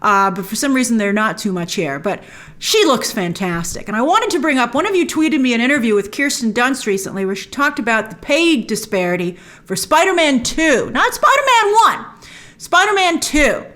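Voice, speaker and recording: Woman host rambling thru a trailer breakdown, opinionated, super lively pitch. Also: brisk. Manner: chatty and opinionated, with excited asides.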